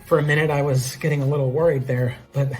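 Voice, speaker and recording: A man's voice: on the high side, steady tone, fast, darkish tone, faint music behind, close to an everyday voice, poor audio. A man voicing a female agent who is level-headed but easily rattled, in his own voice.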